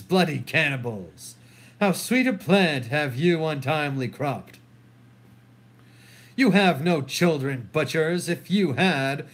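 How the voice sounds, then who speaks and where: A man reading a grieving, furious queen. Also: on the high side. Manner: declaiming verse, anguished. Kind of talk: solo dramatic reading of a play.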